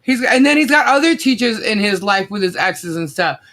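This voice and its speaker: A woman's voice: mid-range voice, expressive, fairly quick, fairly bright tone. A woman hosting a live online show, laughing constantly as she reads out viewer comments. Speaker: livestream host.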